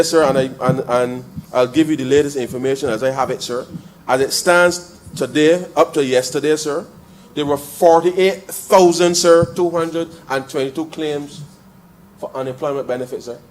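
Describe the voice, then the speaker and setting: A man's voice: on the high side, moderate pace, slight background noise. Barbadian man debating in parliament. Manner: addresses the chair as "sir" nearly every phrase; repeats and restarts phrases, building to forceful emphasis. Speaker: member of parliament. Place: parliament chamber.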